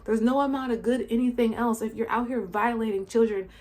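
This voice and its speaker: A woman's voice: on the high side, fairly even intonation, a little fast, darkish tone. A woman hosting a commentary channel, ranting in an outraged, casual monologue full of exclaimed rhetorical questions and slang.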